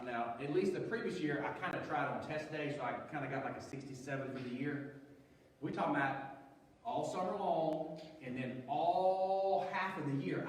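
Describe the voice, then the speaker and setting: A man's voice: medium pitch, slight background noise. Man, youth sermon, joking storyteller, long hall reverb, faint room ambience. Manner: animated, joking, chatty. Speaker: youth pastor. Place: large church hall. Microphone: distant from the mic. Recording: echoey hall, distant mic, faint ambience.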